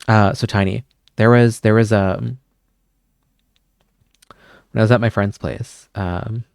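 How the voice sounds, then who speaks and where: A man's voice: on the low side, steady tone, slow pace, gravelly, darkish tone, smooth, no echo, clean studio sound. A young man from Pennsylvania hosting a live stream, chatting casually with viewers in a rambling way and wandering off on tangents. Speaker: livestream host.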